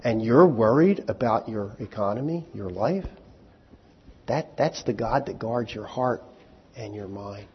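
A male pastor preaching in a husky voice. He talks to the congregation like a friend and cracks jokes, then drops low or suddenly gets loud. The sound is muffled and lo-fi, with a long reverb from a large hall. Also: measured pace. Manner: animated, jumps from hushed to loud in sudden bursts; joking, conversational preaching. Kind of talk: sermon.

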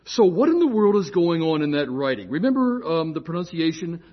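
An older man lecturing on scripture in a chatty, digressive classroom way, often correcting himself and slowing to spell out key terms. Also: fairly high pitch, sing-song, dull audio.

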